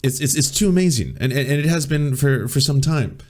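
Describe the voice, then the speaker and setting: A man's voice: medium pitch, fairly quick. A man hosting a political comedy show, mocking a news story with sarcasm, frequent laughter and stammered restarts. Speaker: political comedy podcast host.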